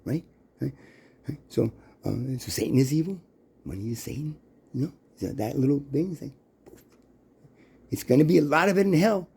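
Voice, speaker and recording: Gravelly, husky male voice with a dark tone, rambling and preachy, full of restarts and rhetorical questions. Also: a little high. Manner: halting, restarts and stammers.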